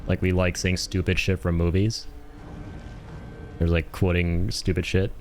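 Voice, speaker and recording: Excitable streamer with a low voice. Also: male voice, a little slow, soft background music. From Canada. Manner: excitable, swears and yells at the game. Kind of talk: casual live-stream gaming chat.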